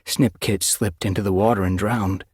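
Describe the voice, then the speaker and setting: A man's voice: on the low side, steady tone, moderate pace, a little mellow, breathy edge, dry recording. A man voicing a somber young tomcat warrior. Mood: earnest. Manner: dry, grave delivery. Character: young male warrior cat, somber and loyal.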